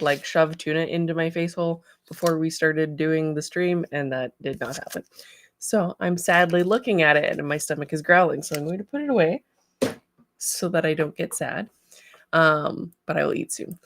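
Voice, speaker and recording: A woman's voice: on the low side, a bit bright, no echo, studio quality. A woman hosting a casual livestream, chatting, laughing and greeting viewers by name. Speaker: livestream host.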